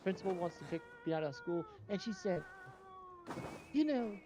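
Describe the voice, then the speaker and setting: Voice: mid-range voice, steady tone, quick pace, background noise. A person telling a personal story in casual podcast chat, hesitant and often laughing.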